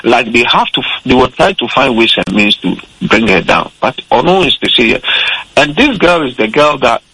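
A man telling a story in relaxed radio talk, switching between Twi and English. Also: medium pitch, moderate pace, husky, no room sound, poor audio.

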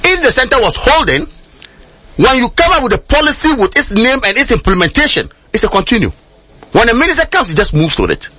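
Animated high-voiced Ghanaian man. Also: fairly quick, husky. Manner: emphatic, switching between Twi and English. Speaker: political commentator. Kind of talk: radio panel discussion.

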